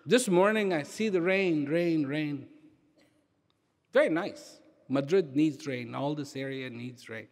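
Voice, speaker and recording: A man giving a slow, reflective inspirational talk, repeating key phrases for emphasis and letting phrases trail off softly. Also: big-room sound. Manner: drops to soft, trailing low phrases. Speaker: speaker.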